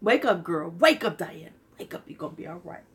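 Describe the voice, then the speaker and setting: A woman's voice: fairly low pitch, very animated, a little fast. Sassy woman in her fifties. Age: 50s. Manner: sassy, candid, joking. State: slightly worn-out voice. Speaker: vlogger. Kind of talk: casual livestream chat.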